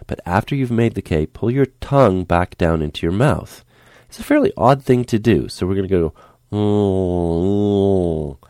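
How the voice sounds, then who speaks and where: A man teaching a speech lesson, calm and patient, demonstrating the sounds aloud as he explains them. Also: fairly low pitch, no room sound, studio quality.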